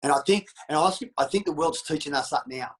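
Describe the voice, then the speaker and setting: Brief: middle-aged Australian man, husky, a bit high, straight-talking and salty. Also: quick pace, poor audio. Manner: blunt and profane, calls everyone mate. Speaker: interview guest. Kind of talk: candid casual interview.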